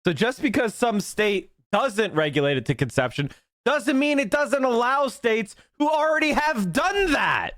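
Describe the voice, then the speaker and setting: A man's voice: very high-pitched, very animated, a little slow, a bit bright, no echo. A man hosting a casual reaction stream, blunt and profane, thinking aloud as he looks things up. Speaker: stream host reacting to a clip.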